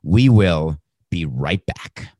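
A sports talk host with a very deep, low voice, delivering sarcastic and incredulous commentary. The sound is dry and close to the mic, with no room echo. He mocks as he talks and breaks into laughter. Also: animated, slow pace, warm tone.

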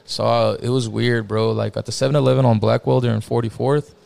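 A man's voice: medium pitch, level tone, a little fast, gravelly, a little mellow. A young man casually telling a personal story as a guest, slangy and profane, filling his talk with "bro" and "like".

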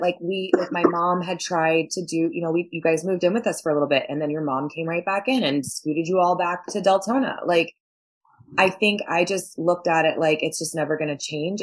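A woman's voice: on the low side, low-quality recording. A young woman co-hosting a podcast, speaking in a reflective, apologetic way. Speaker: podcast co-host. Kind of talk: candid personal podcast chat.

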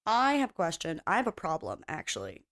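A woman's voice: fairly low pitch, huge pitch swings, brisk, a bit bright. A woman hosting a podcast on her own in casual chat, rambling and blunt, swearing freely and mocking herself. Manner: self-mocking and playfully opinionated. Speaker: podcast host.

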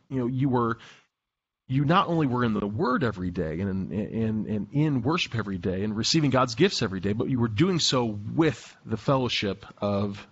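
A man's voice: on the low side, fairly bright tone, husky, lo-fi sound. A man in his thirties co-hosting a podcast over a remote call, rambling and repeating words as he thinks. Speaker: podcast co-host. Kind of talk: casual chat.

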